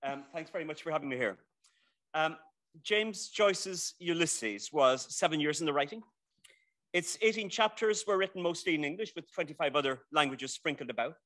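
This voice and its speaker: A man's voice: a little high, lively intonation, moderate pace, a bit bright, no room sound. A man with an Irish accent, a university teacher, giving a prepared persuasive speech at an indoor library event, wry and rhetorical, with dry jokes and long lists. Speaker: debate speaker championing a classic novel.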